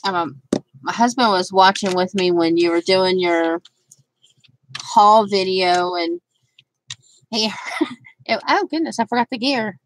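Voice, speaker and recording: A woman's voice: medium pitch, slow pace, pauses often, a little hiss or hum, poor audio. A woman hosting a casual live crafting stream, chatting in a rambling way, greeting viewers by name and laughing often. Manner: laughs often, trails off with fillers. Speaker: craft channel host.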